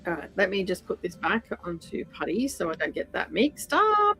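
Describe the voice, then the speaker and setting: A woman's voice: medium pitch, huge pitch swings, normal speed, pushed and bright, faint music behind, low-quality recording. A woman hosting a stitch-along livestream, chatting casually with many fillers and drifting from the mic while she sorts threads.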